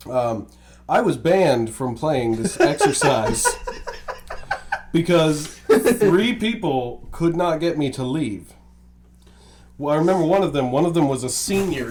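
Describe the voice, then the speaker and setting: Young man, slightly high, lively pitch, faint background noise, deadpan storyteller. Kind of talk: casual chat.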